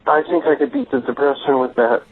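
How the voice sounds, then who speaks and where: A man's voice: mid-range voice, fairly quick, breathy edge. A male caller leaving a rambling, stumbling, pleading voicemail. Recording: muffled phone voicemail.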